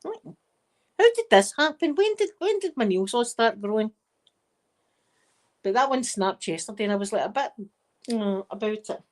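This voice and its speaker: Casting note: middle-aged Scottish woman, soft chatty ASMR host, meandering storyteller. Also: mid-range voice, lively intonation, normal speed, pauses often. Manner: chatty and rambling, with frequent wee and laughter. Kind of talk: soft-spoken casual chat.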